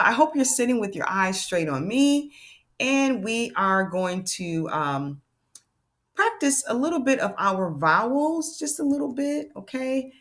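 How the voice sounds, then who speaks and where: A woman leads a phonics lesson for children, slowly sounding out letters and cheering on her young learners. Her voice is medium-pitched and a bit bright.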